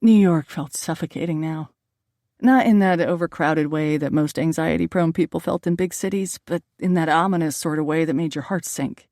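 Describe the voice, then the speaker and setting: A woman giving calm first-person audiobook narration in an even reading style. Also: low-pitched, moderate pace, no echo, clean studio sound.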